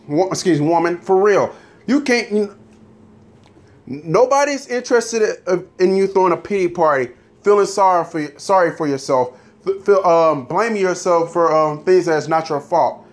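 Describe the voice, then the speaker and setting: A man's voice: high voice, normal speed. A man ranting loosely about characters in a story game, full of fillers and swearing, then reading a chapter aloud. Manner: animated, profane, frequent fillers.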